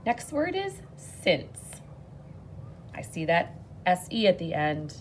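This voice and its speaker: Slow, patient woman teacher. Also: on the low side, huge pitch swings, a little hiss or hum. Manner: patient, encouraging, slow and clear. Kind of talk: phonics lesson video.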